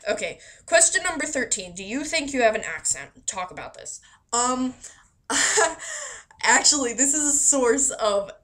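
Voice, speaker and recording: A woman's voice: sits high, big pitch swings, measured pace, fairly bright tone. Chatty woman rambling with laughs. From Florida. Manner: chatty and self-deprecating, laughs often, swears casually. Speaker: vlogger answering a voice meme questionnaire. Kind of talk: casual rambling monologue.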